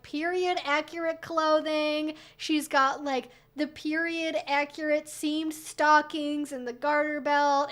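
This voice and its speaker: A young woman hosting a casual livestream Q&A, chatty with lots of fillers and sarcastic asides. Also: sits high. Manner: soft baby talk to her dog. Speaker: streamer hosting a weekly Q&A.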